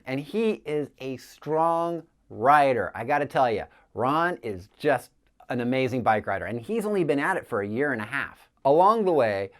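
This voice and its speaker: A man hosting a cycling channel, telling the story of a group ride in a lively, enthusiastic way. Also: medium pitch. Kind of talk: storytelling voice-over.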